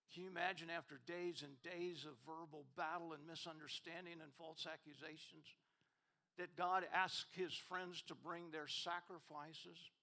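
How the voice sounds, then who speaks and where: A man preaching a sermon as pastor, reading scripture with rising emphasis and dropping soft at the ends of verses. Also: on the high side, creaky. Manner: rises and swells when reading scripture questions. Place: church sanctuary.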